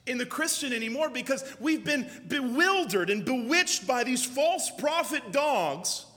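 A man's voice: very high-pitched, lively intonation, measured pace, pushed and bright, in a large hall. A male pastor preaching a sermon with emphatic, repeated phrases. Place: church.

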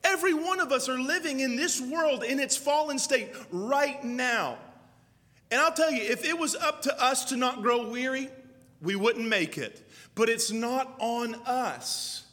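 A man's voice: extremely high pitch, expressive, unhurried, sharp tone, in a large hall. A male pastor preaching a sermon with emphatic, repeated phrases. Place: church.

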